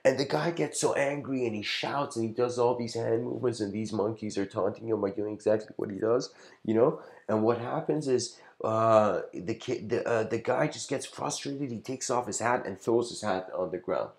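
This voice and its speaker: A man's voice: medium pitch, normal speed, gravelly. A man giving a casual lecture, telling a story in a rambling way with lots of filler words and frequent chuckles.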